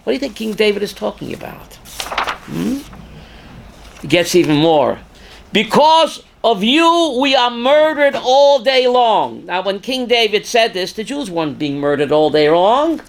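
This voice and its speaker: An older man, a rabbi teaching a class, reads scripture aloud with dramatic force, sometimes shouting, and questions his students. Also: sits high, big pitch swings, measured pace, vocal fry. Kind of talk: Torah class lecture.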